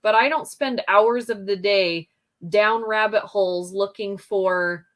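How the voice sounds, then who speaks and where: Casting: american woman, mid pitch, casual co-host, lively storyteller. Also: slow pace. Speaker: podcast co-host. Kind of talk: casual chat.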